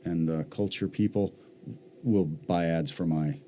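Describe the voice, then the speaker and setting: A man's voice: sits low, fairly even intonation, a little slow, dark tone, a little hiss or hum. A man from Mississippi, a voice actor talking casually in a podcast interview. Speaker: voice actor guest.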